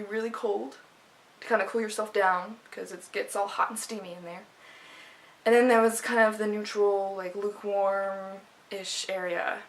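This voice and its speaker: A woman's voice: medium pitch, fairly bright tone, rough recording. A young woman vlogger telling a personal story in a casual, chatty way, full of fillers and restarts.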